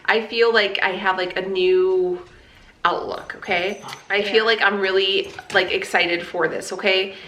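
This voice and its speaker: A woman's voice: mid-range voice, steady tone, unhurried, bright, forceful tone, echoey room. A woman in her thirties chatting candidly as a vlogger, fired up, with lots of fillers and swearing. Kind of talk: casual chat.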